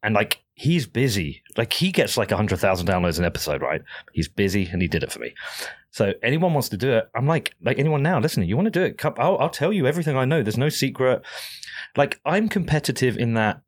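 A man's voice: medium pitch, very animated, quick pace. Candid man chatting as a podcast guest. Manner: candid, self-deprecating, swears casually; rambling, with many "like" fillers. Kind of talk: casual conversation.

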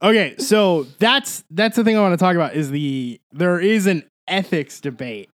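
A male podcast co-host whose high voice moves up and down a lot. He is wry in casual chat and steers the talk to new points, recorded dry and close. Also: animated, moderate pace, no room sound.

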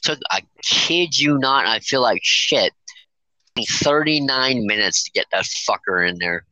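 A man who drives trucks telling a story to the show in a profane, animated way and acting out the dialogue. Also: medium pitch, measured pace, no echo, low-quality recording. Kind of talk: casual storytelling.

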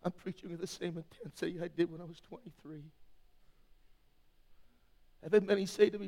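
A pastor in his sixties preaching an impassioned sermon, swinging from loud to hushed. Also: fairly high pitch, steady tone, normal speed, pauses often. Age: 60s. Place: church sanctuary. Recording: long hall reverb.

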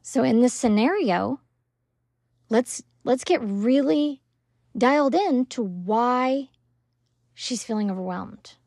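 This parenting-coach host has a high voice with vocal fry, taking her time and pausing often, recorded in the studio with no room sound. In her motivational solo talk she's animated and emphatic, curses occasionally, and impersonates stressed moms.

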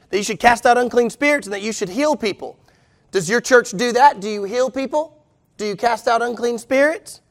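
A man's voice: sits high, gravelly. A pastor preaching a sermon to his church, emphatic and full of rhetorical questions.

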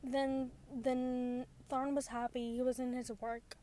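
A woman's voice: high-pitched, level tone, slow, dark tone. A young woman casually recapping a TV episode, rambling with lots of filler words and giggles. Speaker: show recap vlogger.

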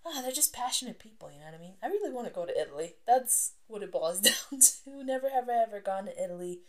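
A young woman talks through her solo podcast in an easy, chatty way, laughing often and now and then dropping her voice to a whisper. Her tone has a bright edge to it. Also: medium pitch, animated, fast talker, few pauses. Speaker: podcast host. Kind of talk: casual solo podcast monologue.

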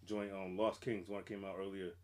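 A man's voice: deep voice, little pitch movement, normal speed, darkish tone. A man co-hosting a podcast, chatting casually about hip hop, swearing and trailing off into mumbles. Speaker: podcast co-host.

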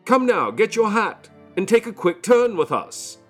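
A man's voice: sits high, sing-song, measured pace, fairly bright tone, faint music behind, pitched above the performer's own voice, full character voice. A man voicing an earnest, good-natured middle-aged lawyer in an audiobook. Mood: hearty.

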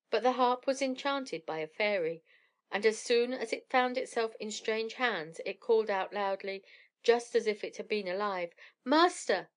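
A woman narrating a classic fairy tale in a measured, even storybook reading. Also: medium pitch.

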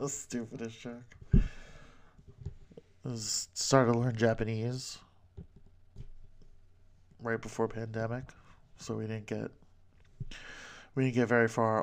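Slow, rambling man on a solo podcast. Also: mid-range voice. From New York. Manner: rambling, self-deprecating, profane jokes. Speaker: podcast host.

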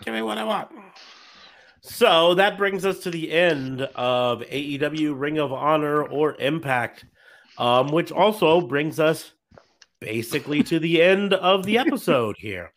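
A man's voice: a little high, a little slow. Rambling man hosting a podcast. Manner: relaxed, rambling with many fillers. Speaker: podcast host. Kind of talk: casual podcast chat.

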